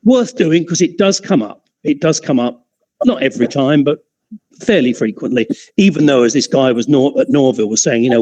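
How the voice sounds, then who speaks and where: A man's voice: medium pitch, expressive, brisk, warm tone, muffled recording. A man teaching an optics class in an informal, chatty way, often digressing and restarting his sentences. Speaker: optics lecturer.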